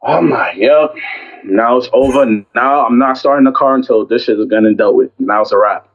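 A young man casually telling a story about a fight with a girlfriend, acting out both sides with lively quoted lines. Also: medium pitch, normal speed, dull audio. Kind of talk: casual chat.

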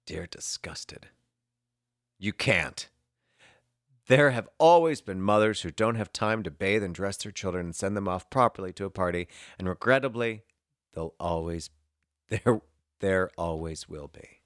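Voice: low-pitched, animated, normal speed, no echo. Cohost reading a letter out, dry close sound, voice bounces around. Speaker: podcast co-host. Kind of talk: casual comedic chat, reading letters aloud.

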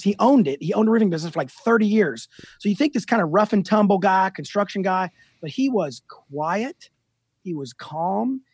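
A man in his fifties with a notably high, husky voice, telling lively, self-deprecating stories as a guest author. The recording is dry and close, with no room sound. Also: no echo. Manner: animated, self-deprecating storyteller. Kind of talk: casual storytelling interview.

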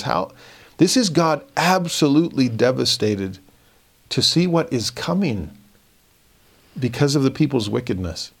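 A middle-aged man teaching from scripture in an earnest, measured voice. He reads the verses slowly and deliberately and tells stories warmly from his own life. His voice sits at a middle pitch. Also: sing-song, creaky, husky. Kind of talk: scripture commentary talk.

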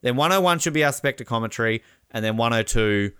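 Guy cohosting a podcast, smooth voice, dry sound, lots of ums. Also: mid-range voice, animated, fairly quick, bright, forceful tone, dry recording. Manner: rambling with fillers and laughs. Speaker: podcast co-host. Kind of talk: casual chat.

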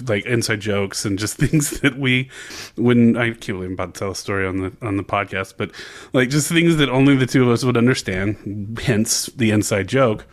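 A young adult man co-hosting a podcast, telling a casual story in an animated way and laughing often. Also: medium pitch, moderate pace. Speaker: podcast co-host. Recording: podcast mic.

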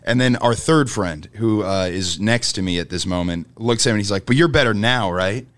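A man's voice: fairly low pitch, brisk, dry recording. A young man, a guest comedian, telling a funny story in casual podcast chat, laughing often as he goes.

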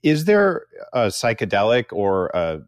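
A man's voice: fairly low pitch, very animated, measured pace, dry recording, clean studio sound. A man hosting an interview podcast, speaking casually and directly as he reflects and asks questions. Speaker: podcast host. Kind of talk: conversational interview.

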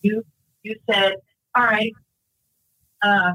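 A woman's voice: medium pitch, little pitch movement, slow pace, pushed and bright, dry recording, low-quality recording. Middle-aged woman, podcast host, earnest storyteller, dry close sound. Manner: earnest, quotes others in dialogue. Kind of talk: casual storytelling.

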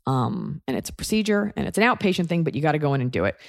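A woman's voice: deep voice, sing-song, rapid-fire, creaky, no echo, clean studio sound. A woman telling a personal story in a candid, wry, conversational way.

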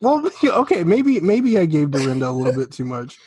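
A man's voice: a little high, big pitch swings, brisk, a little mellow, slightly rough. A man co-hosting a podcast, laid-back, swearing casually and laughing often. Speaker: podcast co-host. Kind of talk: casual chat.

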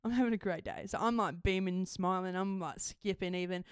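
A young Australian woman co-hosting a podcast and telling a story in casual chat. She talks in an animated way, laughs often and swears freely. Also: on the low side, a little fast, a little hiss or hum. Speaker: podcast co-host.

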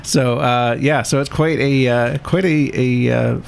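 Man talking scooters, halting. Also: mid-range voice, steady tone, gravelly, slight background noise. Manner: hesitant, many fillers and restarts. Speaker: podcast co-host. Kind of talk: casual chat about scooters.

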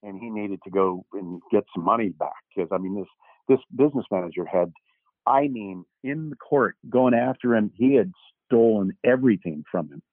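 An older man, an actor guest, telling lively anecdotes and acting out the dialogue, with many false starts. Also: on the low side, normal speed, no echo. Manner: animated storyteller who acts out quoted dialogue, with frequent restarts. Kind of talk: anecdotal interview storytelling. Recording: dry, tinny phone-like line.

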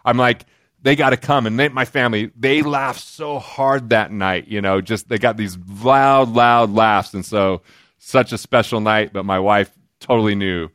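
A man from Utah, a podcast guest, telling stories in an animated, joking way. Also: fairly low pitch, no room sound, clean studio sound. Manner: animated, jokey, quoting others in quick asides. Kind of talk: casual storytelling.

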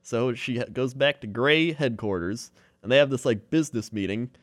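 A man's voice: medium pitch, moderate pace, dry recording, clean studio sound. A man casually retelling a movie plot, filling his talk with "like" and quoted dialogue. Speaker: co-host recapping a movie. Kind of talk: casual chat.

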